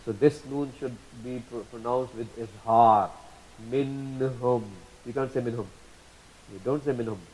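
A man teaching Quran recitation rules, patiently repeating each example slowly and drawing out the sounds. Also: mid-range voice, darkish tone, slight background noise, rough recording. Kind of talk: slow tajweed lesson.

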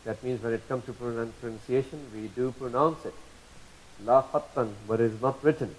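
A man gives a patient, step-by-step lesson, saying each example slowly more than once and checking that listeners follow. His voice sits at an ordinary middle pitch. A faint hiss runs under the recording. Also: fairly even intonation, low-quality recording. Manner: patient, repeats terms slowly, asks checking questions. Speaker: teacher. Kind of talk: explanatory lesson.

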